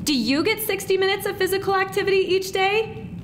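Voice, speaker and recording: A woman presenter speaking slowly and encouragingly to students at a school assembly. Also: extremely high pitch, background noise. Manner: slow, encouraging, teacherly.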